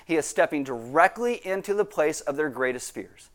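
A man preaching a sermon as pastor, animated and acting out quoted voices with big leaps in pitch. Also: normal speed.

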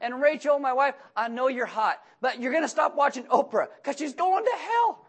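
A man playing a fired-up biblical father who loudly lays down rules for his household in a joking rant. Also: very high voice, expressive, quick pace, husky, voice pushed up, exaggerated voice. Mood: fired-up scolding. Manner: loud, scolding, joking rant.

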